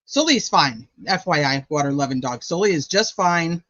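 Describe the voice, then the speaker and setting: A man's voice: fairly high pitch, animated, normal speed, pushed and bright, no room sound. A man hosting a true crime channel, talking casually and filling his speech with "like" and "you know.". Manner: chatty, lots of "like" and "you know". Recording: dull lo-fi dry audio.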